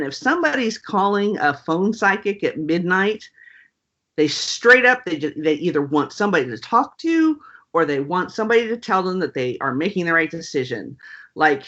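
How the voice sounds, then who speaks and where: A woman's voice: lowish voice, moderate pace, lo-fi sound. A woman author, a guest in an interview, telling a story in a casual, wry way with plenty of fillers. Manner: animated, wry, lots of fillers.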